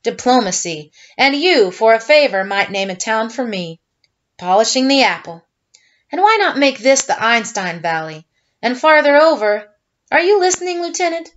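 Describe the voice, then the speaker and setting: A woman's voice: on the high side, very animated, normal speed. Woman doing a talkative army captain, rambling plans, a bit muffled. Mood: brisk. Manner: rambling, planning aloud. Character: military captain, brisk and talkative.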